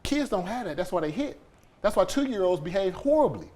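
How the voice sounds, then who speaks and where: A man recounts a personal story as a podcast guest, his voice sitting a little high. He is animated and acts out scenes with quoted lines and sound effects. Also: fairly quick.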